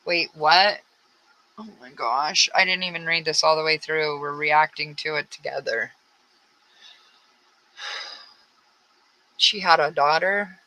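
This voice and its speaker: Blunt, sharp-voiced woman on true crime. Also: low voice, slow, pauses often, rough recording. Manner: rambling, blunt, frustrated asides. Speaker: true crime channel host. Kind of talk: casual true-crime commentary.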